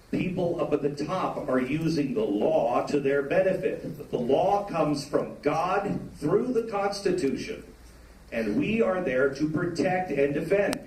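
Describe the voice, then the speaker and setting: A man's voice: a little high, slight background noise. A middle-aged man giving an impassioned, preacherly rally speech, recorded from the audience in an event hall. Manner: impassioned, preacherly, rising to emphatic peaks. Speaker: political speaker at a campaign rally. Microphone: recorded from the audience, away from the stage. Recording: echoey hall recorded from far off.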